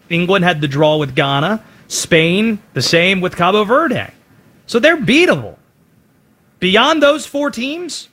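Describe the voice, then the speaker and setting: A man hosts a sports segment, his voice sitting high for a man. He moves briskly through lists of names and firm opinions in a steady commentary style. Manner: brisk, opinionated delivery with quick name lists. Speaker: sports show host.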